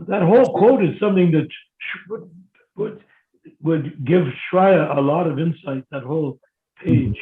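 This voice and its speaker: Male participant, slightly high voice, on a thin, roomy phone connection. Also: unhurried. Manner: prompting, suggests what to read next. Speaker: discussion participant. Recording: tinny phone line in an echoey room.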